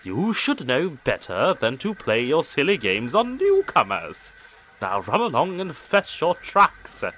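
A man's voice: on the high side, huge pitch swings, a little slow, a little hiss or hum, voice pushed up, full character voice. Edward, a man doing a kind older steam engine. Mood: stern. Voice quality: gentle, reassuring.

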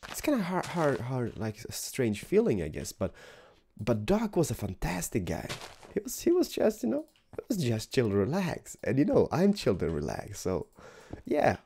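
A man's voice: mid-range voice, wildly swooping pitch, moderate pace, gravelly, mellow, slight background noise. A young man giving rambling, casual gameplay commentary in a tired morning voice, repeating words and sometimes dropping to a whisper. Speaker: gaming video host.

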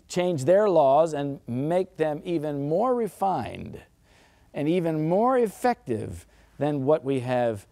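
A middle-aged man giving a Bible study lecture, asking rhetorical questions and slowing down to stress key words. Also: a little high, warm tone, dry recording. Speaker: Bible teacher.

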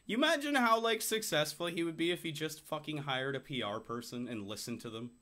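A man's voice: fairly high pitch, lively intonation, brisk, pushed and bright. A man hosting a casual podcast, ranting heatedly and swearing a lot, slipping into quoted voices. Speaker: podcast host. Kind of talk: casual chat.

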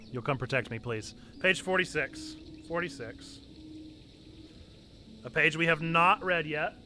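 A man's voice: a little high, animated, measured pace, bright, forceful tone, slight background noise. A man hosting a livestream, chatting casually and reading aloud to his audience with self-mocking humor. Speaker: livestream host. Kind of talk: casual game stream chat. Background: game music.

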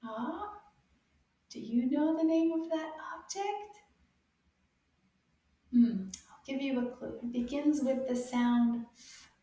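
A woman teaching children French words, encouraging them and repeating each word slowly with sound clues. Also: high-pitched, dark tone, far from the mic. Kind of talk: slow, drawn-out teaching for kids. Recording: very echoey room, a bit off-mic.

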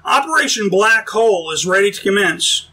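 A man narrating an audiobook, voicing a calm, steady male shuttle commander who gives orders to his crew. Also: sits high, normal speed, breathy edge, heavily acted, poor audio. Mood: calm, commanding. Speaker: mission commander.

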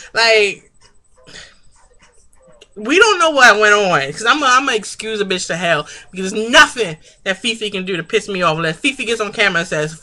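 Very bright-voiced sassy woman reviewer. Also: medium pitch, lively intonation, normal speed. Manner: sassy, profane, chatty, laughs often. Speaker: reality-TV reviewer. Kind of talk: casual vlog review.

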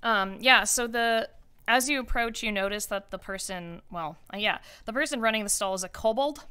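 A woman's voice: on the high side, moderate pace, sharp tone, smooth. A woman running a tabletop role-playing game, narrating scenes in a loose, descriptive way with many fillers. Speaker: game master.

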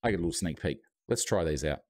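A man with an Australian accent chats casually on a live stream in a slightly low, a little mellow voice, speaking fast and with animation. He talks through mouthfuls of food in a loose, unscripted, chatty way, recorded on a streaming mic with a noise gate.

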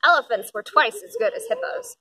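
A woman reading a children's picture book aloud, with expressive, lively storytelling. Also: on the high side, normal speed, dry recording, low-quality recording. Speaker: storybook reader.

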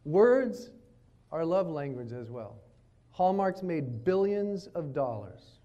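Male pastor, slightly high-pitched, animated sermon delivery with family anecdotes. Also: takes it slowly, muffled recording. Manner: storytelling preacher, animated, quotes his kids. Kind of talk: sermon at a retreat. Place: retreat meeting room.

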